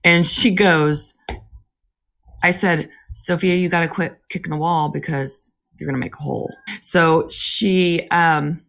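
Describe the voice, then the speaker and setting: A woman's voice: low-pitched, steady tone, unhurried, vocal fry, fairly bright tone. A woman in her thirties co-hosting a podcast, telling candid family stories and swearing freely in casual chat. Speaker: podcast co-host.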